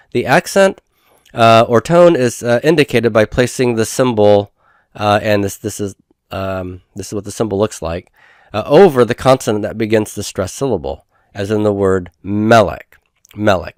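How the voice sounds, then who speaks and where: A man lecturing on Hebrew grammar in a methodical way, repeating terms slowly with frequent fillers. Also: lowish voice, lively intonation, dry recording, studio quality. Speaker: Hebrew instructor. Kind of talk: recorded classroom lecture.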